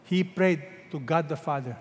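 A middle-aged Filipino-accented man preaches a sermon with a high voice. He fires questions at the congregation and draws scripture quotes out slowly. His voice rings with the long reverb of a large church hall. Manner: calls out questions for the congregation to answer; slows right down when quoting scripture. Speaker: senior pastor.

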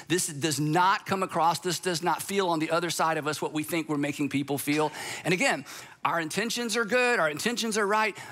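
A man delivers a sermon-style talk in a high, bright voice. He is emphatic and conversational, and he drops sarcastic asides as he speaks.

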